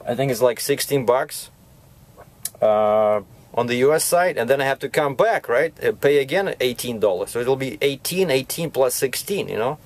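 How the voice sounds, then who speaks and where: A man who drives a truck, chatting from his cab as he tells a long, rambling story. He starts over often and keeps asking "right?" to pull the listener along. His voice sits at an ordinary middle pitch. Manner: rambling, with frequent restarts and "you know, right?". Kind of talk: casual storytelling vlog.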